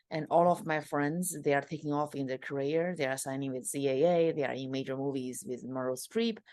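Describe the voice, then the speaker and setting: Low-voiced woman from China. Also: darkish tone, no room sound. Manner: candid storytelling with frequent fillers and restarts. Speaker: guest comedian. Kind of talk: casual interview chat.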